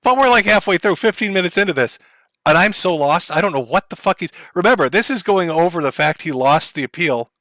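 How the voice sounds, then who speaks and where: A man's voice: a little high, bright, forceful tone, dry recording. A man commenting on a clip for his stream chat in a blunt, profane, lecturing way.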